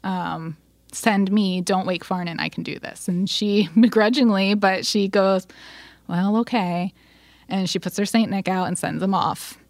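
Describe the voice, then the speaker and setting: A woman co-hosting a podcast and recapping a story in relaxed chat. She acts out quoted lines and fills pauses with "um" and "like". Her pitch is mid-range and the sound is dry and close. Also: no room sound. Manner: animated retelling, acts out quotes, frequent fillers. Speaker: podcast co-host.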